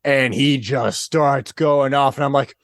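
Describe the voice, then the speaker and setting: A man guest on a podcast, chatting casually and retelling scenes in an excitable, animated way. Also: mid-range voice, measured pace, dry recording, studio quality. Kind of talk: casual chat.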